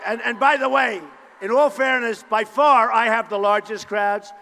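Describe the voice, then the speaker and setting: A man with a fairly high voice delivers a campaign rally speech from a podium microphone. He is boastful and leans on short repeated phrases, now and then breaking into a shout. His voice rings through the long echo of a large hall. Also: fairly even intonation, moderate pace, creaky. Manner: boastful, repetitive punchy phrases, bursts of shouting. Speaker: political candidate at a campaign rally. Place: large indoor rally venue.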